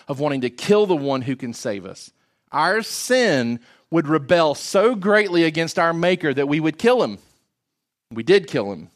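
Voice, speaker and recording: A man preaching a sermon in an earnest, emphatic way, often asking rhetorical questions. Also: medium pitch.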